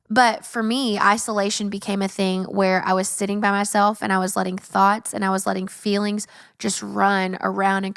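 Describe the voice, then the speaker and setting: A woman's voice: medium pitch, no room sound. Earnest young woman, close dry podcast voice. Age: young adult. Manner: earnest, animated, filler-heavy, acts out her own thoughts in quotes. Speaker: podcast host. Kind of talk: faith-based personal podcast talk.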